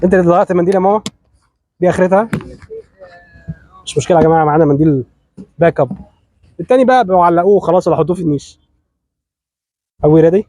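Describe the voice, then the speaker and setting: A man's voice: high voice, very fast, long pauses, mellow, no echo, low-quality recording. A man with an Egyptian accent officiating a wedding, giving a playful sermon and teasing the couple as he talks to them directly.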